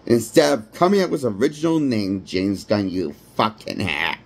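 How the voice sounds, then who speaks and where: A man's voice: fairly low pitch, animated, unhurried, vocal fry, few pauses, slightly rough. A man giving a rambling, blunt and profane movie review. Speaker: movie critic. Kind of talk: ranting film review.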